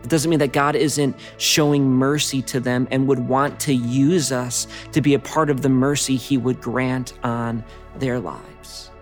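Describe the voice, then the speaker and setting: A man's voice: mid-range voice, flat delivery, measured pace, faint music behind. A man preaching as a pastor, telling stories earnestly and reading from scripture. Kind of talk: sermon.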